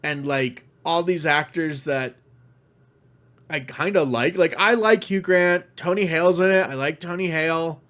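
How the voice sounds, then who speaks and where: A man's voice: a little high, a little slow, a bit bright. A man giving a casual spoken review, ranting in exasperation, swearing often and stumbling over restarts when worked up. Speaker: vlogger reviewing media.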